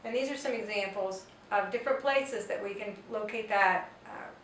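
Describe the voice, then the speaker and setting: Teaching Spanish grammar, a woman works through the material patiently, one step at a time, with example sentences. She speaks at a moderate pace in a slightly bright, mid-range voice. The sound is echoey and roomy from a distant mic, with faint noise.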